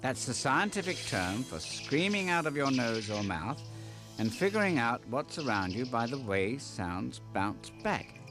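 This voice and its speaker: A man's voice: medium pitch, sing-song, unhurried. A man giving scripted comedic narration for a nature documentary, with playful joking asides. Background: music.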